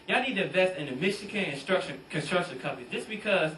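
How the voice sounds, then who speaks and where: Here a young stand-up from Detroit talks straight to the club audience in loose banter, his high-pitched voice fast, animated and sharp. Picked up from a distant mic in a roomy space, the sound carries a faint hiss or hum.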